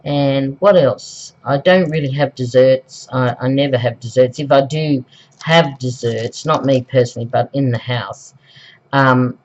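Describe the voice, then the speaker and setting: An Australian woman in middle age, just over the flu, talks slowly and chattily as she works on a craft project at home. She wanders off track, fills pauses with ums and corrects herself as she goes. The home recording sounds dull and lo-fi. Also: extremely low pitch, a little mellow. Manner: rambling and chatty, with many ums and self-corrections. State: recovering from flu. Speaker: craft vlogger. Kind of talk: casual craft tutorial chat.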